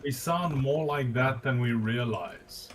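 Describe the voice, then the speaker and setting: A man's voice: medium pitch, slow pace, a little hiss or hum. A man with a South African accent, chatting in a matter-of-fact, reflective way with friends. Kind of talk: casual gaming chat.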